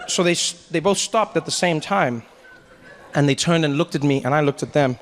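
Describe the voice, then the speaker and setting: A man performing a stand-up comedy story, animated, with punchy asides and lots of voices. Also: fairly high pitch, quick pace.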